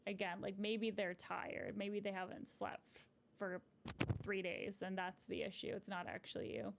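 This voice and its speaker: Woman, couples therapist, live advice stream; mid-pitched, conversational, encouraging, checks in with "right?" often. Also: little pitch movement, normal speed, gravelly, heavy background noise. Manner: gentle, encouraging, explanatory. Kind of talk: live-streamed advice chat answering viewer comments.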